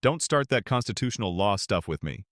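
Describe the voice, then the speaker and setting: A man's voice: fairly low pitch, lively intonation, fairly quick, fairly bright tone, no echo, studio quality. A man voicing a curt, hostile male federal immigration agent who talks in blunt commands. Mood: curt, commanding.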